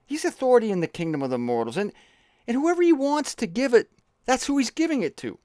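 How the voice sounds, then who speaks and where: A man's voice: very high voice, very animated, fast talker, darkish tone, no room sound, clean studio sound, voice pushed up. A man voicing a fretful heavenly messenger who stammers, rambles and keeps apologizing. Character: nervous fretting male heavenly messenger.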